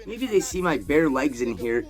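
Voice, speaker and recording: A man telling a crude, profane personal story in a casual, animated way, swearing constantly. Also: fairly high pitch, moderate pace.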